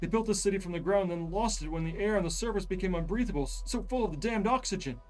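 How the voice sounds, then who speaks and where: A man's voice: high-pitched, fast talker, soft background music, pitched above the performer's own voice, lightly acted. A man voicing a raving ragged old explorer. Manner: shouting, panicked and raving. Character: deranged ragged old male explorer, pleading and frantic.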